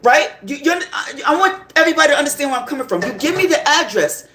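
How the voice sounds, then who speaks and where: A man hosting a podcast, telling a story in a heated, animated rant full of profanity and repeated check-ins with the listener. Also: extremely high pitch, fast talker, a little hiss or hum. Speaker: podcast host. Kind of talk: casual storytelling monologue. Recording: roomy echo.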